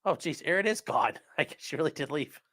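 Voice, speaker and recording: Jokey and rambling, this man runs a relaxed livestream and reads viewer comments out loud. His voice is a little high and a bit bright, expressive in delivery, and slightly fast.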